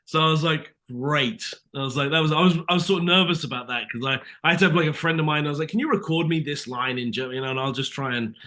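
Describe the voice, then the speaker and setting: A British actor chatting as an interview guest, telling stories animatedly with lots of fillers and acted-out dialogue. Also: male voice, on the high side, rapid-fire, few pauses. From Britain. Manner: animated storyteller, acts out dialogue, many fillers. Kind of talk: casual interview chat.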